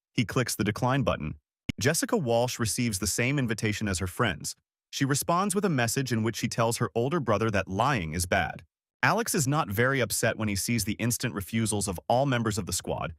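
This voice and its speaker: A man narrating a comic story recap in a steady, scripted present-tense summary. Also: mid-range voice, no echo, clean studio sound.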